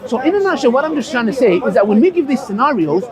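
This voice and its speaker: Caught in a heated street debate, a man with a very high voice speaks quickly and very animatedly. He is passionate and repetitive, circling back to his point with many restarts, on a rough outdoor recording with crowd noise.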